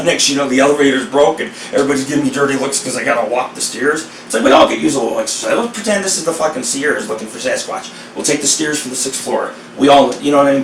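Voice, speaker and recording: A man rambling through casual storytelling, excitable and profane. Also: medium pitch, a little hiss or hum. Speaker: vlogger. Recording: echoey sound from a distant mic with faint ambience.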